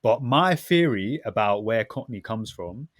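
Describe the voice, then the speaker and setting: A man from the UK with a London accent, co-hosting a casual podcast in a relaxed, slangy way. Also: fairly low pitch, measured pace, no room sound, studio quality. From United Kingdom. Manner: relaxed, slangy, drops "innit" and "bruv". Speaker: podcast co-host.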